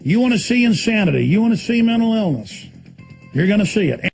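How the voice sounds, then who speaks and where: Man, erratic ranting host, gravelly edge, pitch swinging wildly, bursts into shouting. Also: sing-song, a little fast, faint music behind. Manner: erratic, explosive, jumping to shouts. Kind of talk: ranting talk show monologue. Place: studio full of electronics.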